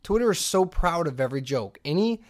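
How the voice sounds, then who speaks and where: Animated ranting podcast man. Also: fairly high pitch, fairly quick. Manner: animated ranting, slips into mocking voices. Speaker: podcast co-host. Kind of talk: casual comedy podcast chat.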